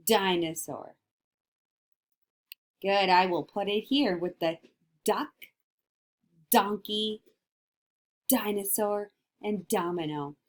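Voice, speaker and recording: Woman teacher, unhurried phonics read for little kids; stretches out each letter sound, praises and quizzes gently. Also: mid-range voice. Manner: encouraging, questioning tone. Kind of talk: phonics lesson for young children.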